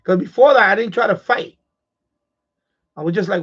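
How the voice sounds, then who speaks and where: Man, high voice, casual live stream host, animated storytelling, swears, dull lo-fi sound. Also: brisk, breathy edge. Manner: animated and profane, retelling a scary event.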